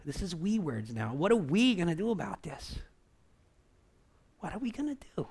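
Animated man preaching a casual sermon. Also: high voice, slightly rough. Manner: conversational, animated, many restarts and asides. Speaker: pastor. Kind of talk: sermon and prayer.

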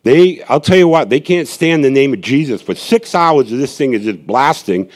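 A man's voice: medium pitch, animated, normal speed. A man, a street evangelist, telling a gathering his testimony in a rambling, earnest way, with many restarts and asides.

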